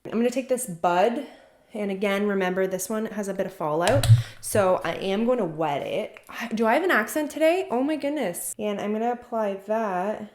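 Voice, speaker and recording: A woman's voice: mid-range voice, expressive, normal speed, a little mellow. A woman chatting enthusiastically through a casual makeup tutorial as a beauty vlogger, talking while she works. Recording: echoey room.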